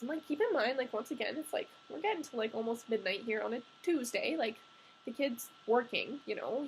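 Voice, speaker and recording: A woman's voice: a little high, creaky, a little hiss or hum, low-quality recording. A young adult woman telling a personal story in a candid, confessional way, chatty and full of "like" fillers.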